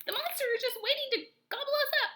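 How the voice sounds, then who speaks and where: A woman reading a storybook aloud, voicing a panicky, jittery groundhog who shrieks in a high voice. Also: fast talker, pushed and bright.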